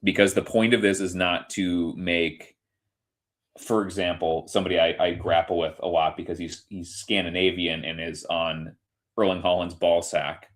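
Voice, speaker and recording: A man's voice: low-pitched, little pitch movement, normal speed. A man co-hosting a sports podcast, talking in a heated, profane rant and acting out quoted voices. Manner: heated ranting, swears freely, acts out others in quoted bits. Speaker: podcast co-host. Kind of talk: casual sports chat.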